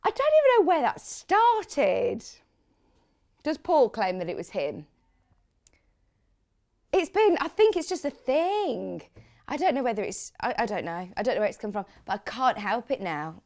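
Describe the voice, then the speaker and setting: A woman's voice: on the high side, very animated, measured pace, pauses often, a little mellow. A woman presenting fabrics on live shopping television, chatty and gushing, reading out viewer comments as she talks. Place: TV studio.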